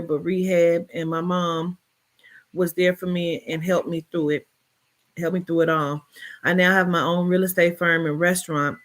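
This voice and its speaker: A woman reading a short story aloud, then telling a personal story in a chatty, expressive way with colloquial asides. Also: fairly low pitch.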